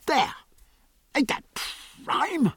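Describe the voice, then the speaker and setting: A man's voice: big pitch swings, normal speed, vocal fry, breathy edge, no echo, full character voice. A man voicing a hearty, enthusiastic naval captain showing off his work. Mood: proud. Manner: hearty and enthusiastic, high exclamations.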